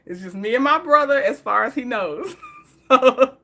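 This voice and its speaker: Lady doing story time, chatty, laughing a lot, bright voice. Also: high-pitched, animated, moderate pace. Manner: chatty, laughs often, talks straight to viewers. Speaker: vlogger.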